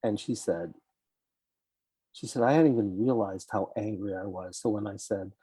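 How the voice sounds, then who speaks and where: A man's voice: on the low side, steady tone, normal speed, warm tone, husky, no echo. An older man, a psychologist guest, telling a case story in conversation and acting out his clients' lines with animation.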